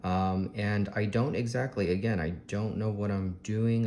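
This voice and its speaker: A man with a Texan accent, vlogging a fruit tasting at home in a slow, dreamy, gushing way with many ums. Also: lowish voice, fairly even intonation, a little mellow. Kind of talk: casual food tasting vlog. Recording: echoey room with faint ambient hiss.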